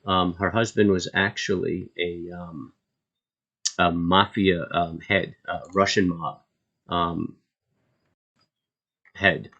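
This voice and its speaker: A man with a low, gravelly voice talks loosely through a live market stream. He rambles with frequent ums and uhs and chats with his viewers as he goes. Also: flat delivery, takes it slowly, long pauses, a bit bright, highs cut off. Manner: laid-back, chatty asides to viewers. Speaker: live trading stream host.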